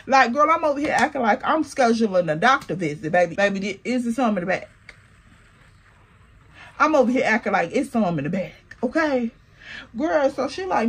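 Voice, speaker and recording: A woman telling a casual storytime, animated and slangy, talking straight to the viewer. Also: on the high side, moderate pace, breathy edge. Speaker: storytime vlogger.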